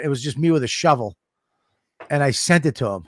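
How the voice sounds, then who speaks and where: A middle-aged man co-hosting a podcast, telling animated, profane stories in casual chat. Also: medium pitch, fairly quick, dry recording, studio quality. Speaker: podcast co-host.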